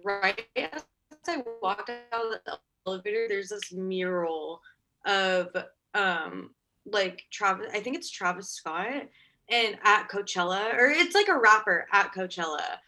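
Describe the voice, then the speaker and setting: A young woman in her twenties casually telling a story, full of fillers and quick laughs. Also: mid-range voice, expressive, pushed and bright, soft background music. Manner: chatty, full of "like" and "oh my God", laughs often.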